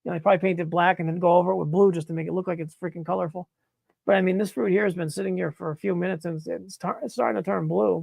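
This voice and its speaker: Gravelly high-pitched man ranting. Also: quick pace, darkish tone, dry recording. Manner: blunt, exasperated, swears freely. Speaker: host of a live mushroom-growing stream. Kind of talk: casual live demonstration and Q&A.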